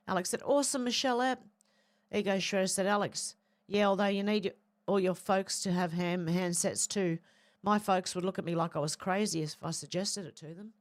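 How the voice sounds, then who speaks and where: A woman's voice: medium pitch, normal speed. A woman hosting a livestream, reading out viewer comments and chatting back, with a throaty voice from a tickle in her throat. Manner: reads comments out flatly, then adds chatty asides. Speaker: livestream host reading chat. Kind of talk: casual chat, reading viewer comments aloud.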